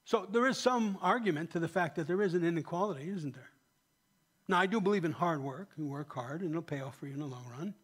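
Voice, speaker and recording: Man preaching, high voice, emphatic, asks the congregation questions. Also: lively intonation, fast, a bit bright, breathy edge. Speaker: pastor. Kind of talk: sermon.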